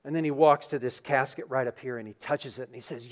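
A man preaching a sermon as pastor in a church, reading scripture and then retelling the story in an animated, dramatic way. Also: mid-range voice, quick pace. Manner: animated storytelling, acting out scenes. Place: church sanctuary.

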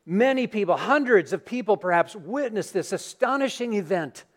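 A man preaching a sermon as pastor in a church, reading scripture and then retelling the story in an animated, dramatic way. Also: high-pitched, normal speed. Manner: animated storytelling, acting out scenes. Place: church sanctuary.

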